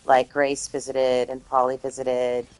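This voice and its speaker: Woman streamer, low pitch, slightly hoarse, loose rambling chat with swearing. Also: completely flat delivery, a little slow, darkish tone, dry recording. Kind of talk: casual chat.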